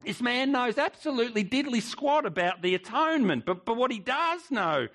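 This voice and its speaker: A man's voice: very high-pitched, sing-song, moderate pace, a bit bright. A male pastor preaching a sermon, emphatic, with rhetorical questions and repeated words.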